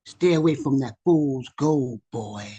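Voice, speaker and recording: A man's voice: mid-range voice, animated, unhurried, warm tone, breathy edge. A man doing a stern ghostly father. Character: dead father giving stern advice to his son.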